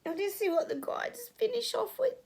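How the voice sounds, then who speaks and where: Earnest high-voiced woman with fry. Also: darkish tone. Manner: earnest, emotional, halting with repeated phrases. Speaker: psychic. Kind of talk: spiritual vlog message.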